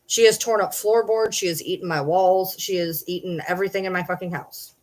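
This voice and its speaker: Casting note: woman with a slightly low voice, exasperated home vlogger venting to camera, swears a lot, repeats lines. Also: fairly even intonation, brisk. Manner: frustrated, swearing, repeats herself. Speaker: vlogger and livestreamer. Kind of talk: casual rant to camera.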